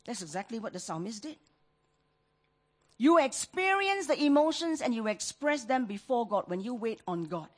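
Woman preacher, high-pitched, delivers the sermon with fervent, pleading intensity. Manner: impassioned, rises high and loud when voicing prayers.

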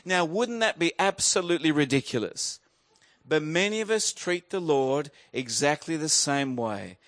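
A man's voice: fairly high pitch, animated, normal speed, fairly bright tone. A man in his fifties preaching a sermon in an earnest way, repeating key phrases for emphasis. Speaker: pastor.

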